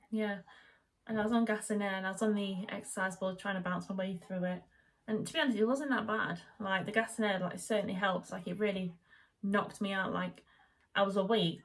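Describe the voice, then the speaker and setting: A young woman telling a long personal story in a chatty, rambling way, full of fillers and restarts. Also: medium pitch. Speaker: vlogger. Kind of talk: casual chat.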